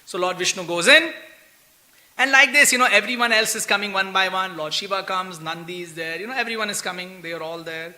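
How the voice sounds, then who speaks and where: A man's voice: high-pitched, brisk, bright, forceful tone. A man giving a scripture class in a temple, chatty and full of "you know" and "right?", acting out the characters of a story. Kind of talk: sermon with storytelling. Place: temple hall.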